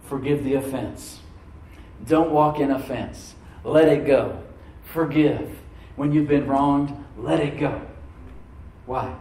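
A man's voice: medium pitch, slow, warm tone. A male pastor preaching to a congregation in a church, talking in a loose, conversational way and often checking in with "Amen?". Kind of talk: sermon. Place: church room before a congregation. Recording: echoey room, mic at a distance.

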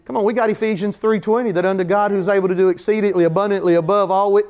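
A man's voice: high-pitched, fairly even intonation, racing, darkish tone. A man preaching a sermon in a church, chatting with the congregation and acting out little scenes, then building into fervent repetition. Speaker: pastor.

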